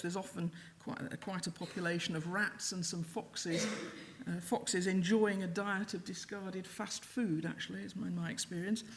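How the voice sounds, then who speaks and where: A middle-aged woman giving a public lecture in a measured way, with wry asides. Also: on the low side, slight background noise. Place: lecture hall.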